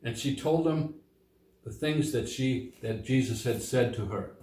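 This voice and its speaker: A man's voice: mid-range voice, unhurried, darkish tone. Man teaching kids a Bible lesson. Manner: simple, plain explanations for kids, reads quoted lines with lifted voice. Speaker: children's Sunday school teacher. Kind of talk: children's Bible lesson, reading scripture aloud. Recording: echoey room.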